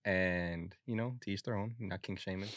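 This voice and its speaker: Low-voiced man telling news casually. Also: moderate pace, fairly bright tone, no room sound. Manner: slangy, loose storytelling with many fillers. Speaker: podcast co-host. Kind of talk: casual chat.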